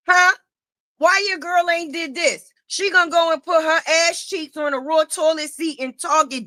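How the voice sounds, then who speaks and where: A high-pitched, bright-toned middle-aged woman lays into her target in a profane livestream rant. She taunts and repeats herself, close to the mic in a dry room. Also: no room sound. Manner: confrontational, repetitive taunting. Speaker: livestream commentator.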